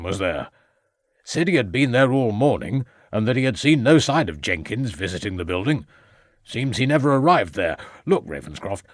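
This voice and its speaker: Narrated by a man, this is a low, husky-voiced gentleman who blusters and grumbles and always sounds on the defensive. His lines swing widely in pitch as he protests, and the recording is close and dry, with no room sound at all. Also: no room sound. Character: blustering gruff middle-aged man, easily agitated. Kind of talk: audiobook character voice.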